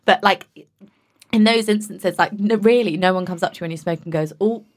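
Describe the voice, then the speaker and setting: A woman's voice: lowish voice, brisk. A woman hosting a podcast in casual conversation, chatty and frank with some swearing. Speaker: podcast host.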